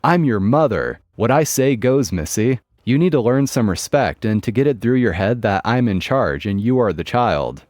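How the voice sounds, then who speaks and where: A man's voice: mid-range voice, lively intonation, normal speed, hardly any pauses, darkish tone, dry recording, studio quality, faint music behind, natural voice. A man reading the lines of a bossy, entitled middle-aged mother in a domineering, indignant way.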